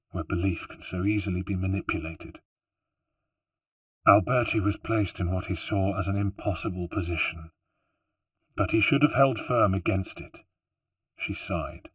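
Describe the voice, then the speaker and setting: Brief: male audiobook narrator, very deep and husky, steady storytelling, dry close sound. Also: no echo. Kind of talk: scripted narration.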